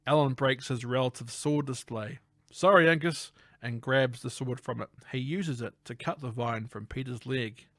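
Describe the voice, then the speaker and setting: A man's voice: medium pitch, no room sound, studio quality. A man co-hosting a film review podcast, retelling the plot in casual chat and acting out lines in voices, laughing often.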